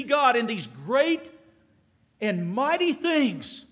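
A man preaching a sermon, swinging from loud emphasis to hushed tones and repeating words when stirred. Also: medium pitch, moderate pace.

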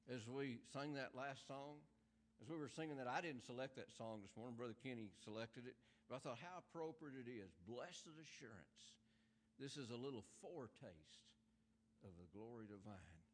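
A man in his sixties preaching a sermon in a church, moving from easy conversational talk into fervent emphasis and reading scripture slowly and deliberately. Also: medium pitch, a little hiss or hum. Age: 60s.

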